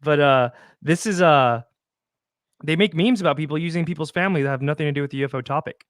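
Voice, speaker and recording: A man's voice: a little high, fast talker, dry recording, studio quality. A man hosting a show and commenting on clips in a mocking, incredulous way.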